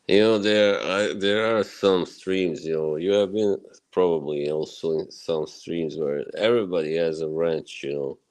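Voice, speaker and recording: A man's voice: deep voice, measured pace, poor audio. A man hosting a live stream, casually chatting and answering viewer comments, chuckling often between remarks.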